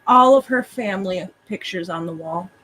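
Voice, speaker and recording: Woman game master, relaxed tabletop chat, loose rule explanations. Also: mid-range voice, normal speed, low-quality recording.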